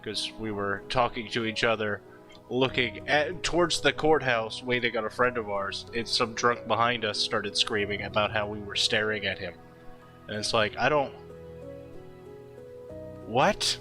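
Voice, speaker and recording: A man's voice: fairly low pitch, measured pace, over music, poor audio. A young man telling a story while drawing, rambling and laughing often, full of fillers and restarts. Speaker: artist streaming while drawing.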